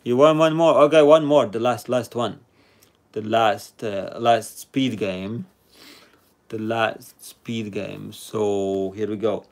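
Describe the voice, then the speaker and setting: A man's voice: fairly low pitch, takes it slowly. A man hosting a live stream number game, chatting with viewers and reading out their names and rankings. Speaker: livestream host.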